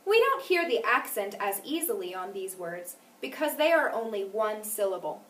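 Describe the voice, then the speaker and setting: A woman teaching a phonics lesson, speaking clearly and deliberately and stressing each example word. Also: medium pitch, very animated, a bit bright. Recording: echoey room, mic at a distance.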